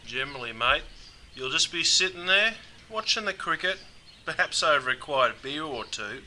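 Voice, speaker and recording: A man's voice: fairly high pitch, expressive, normal speed, sharp tone, slight background noise. A man with an Australian accent presenting a humorous scripted slang lesson, laid-back and calling the listener "mate" over and over.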